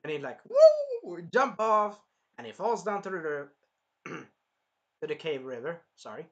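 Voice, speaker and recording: A man giving a casual, excitable anime review, swearing freely along the way. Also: fairly high pitch, measured pace, lo-fi sound.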